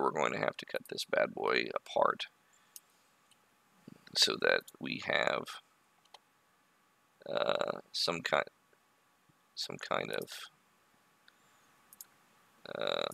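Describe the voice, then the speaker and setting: A man with a low, gravelly voice talks his way through work on a 3D model in a relaxed, unhurried livestream. His tone is bright and edged, and his pitch swings widely as he mutters to himself and drops in wisecracks. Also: no echo. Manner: mutters to himself with joking asides. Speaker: livestream host. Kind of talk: casual running commentary while working on a 3D model.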